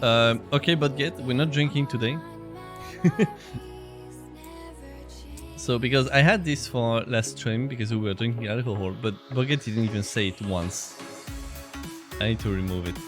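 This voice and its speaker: A man's voice: medium pitch, normal speed, long pauses, music in the background. A man streaming a video game, chatting casually with viewers, reading their comments and laughing often. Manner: chatty, laughs often, reads chat aloud.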